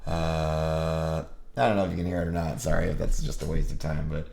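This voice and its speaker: A man's voice: low voice, fairly even intonation, racing, creaky, a little mellow. A sick man casually thinking aloud on a live stream about his music, rambling and self-deprecating. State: sick, with a rough voice.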